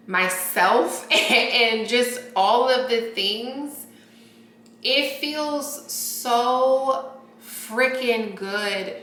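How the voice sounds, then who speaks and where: A woman's voice: mid-range voice, sharp tone. A woman vlogging to her camera, gushing and exclamatory as she unboxes and chats to viewers as y'all. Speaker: lifestyle vlogger. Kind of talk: excited unboxing chat to camera. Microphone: camera mic. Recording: roomy echo with faint noise.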